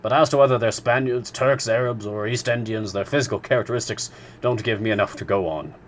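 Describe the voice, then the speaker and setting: A man's voice: lowish voice, fairly quick, a little hiss or hum, natural voice. A man reading a novel aloud, voicing a learned professor who speaks emphatically and exclaims. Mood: emphatic.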